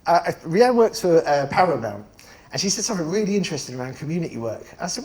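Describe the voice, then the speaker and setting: A blunt, energetic man in middle age addresses a room of members. His voice sits a little high for a man. He talks fast and informally, swears freely, and keeps checking in with "do you know what I mean". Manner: energetic, blunt, swears casually, chatty asides. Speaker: estate agency network founder speaking to members. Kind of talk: conference talk.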